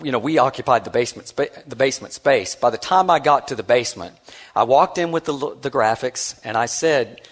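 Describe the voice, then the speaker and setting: A man's voice: medium pitch, fairly bright tone. A man giving a conference keynote and telling a story. His talk is conversational and self-deprecating, with many restarts, and he acts out the voices of the people he quotes. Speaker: conference speaker.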